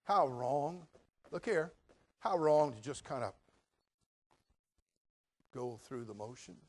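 An older man preaching a folksy sermon as pastor, swinging between quiet asides and loud emphatic lines. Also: medium pitch, expressive, slow pace, slightly rough. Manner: folksy, jokey, addresses crowd as brother.

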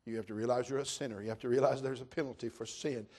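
A man's voice: mid-range voice, steady tone, very fast, a little mellow, close to an everyday voice. A male pastor voicing a young, blunt and stubborn skeptical lawyer in a retold sermon story. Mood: dismissive. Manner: blunt, dismissive.

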